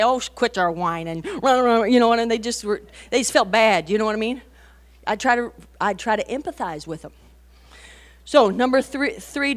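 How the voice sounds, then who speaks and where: Woman, 40s, conversational sermon speaker; animated anecdotes, rhetorical asides, emphatic peaks. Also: mid-range voice. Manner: animated storytelling, rising to emphatic bursts. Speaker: women's conference speaker. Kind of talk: conversational sermon to mothers and teens.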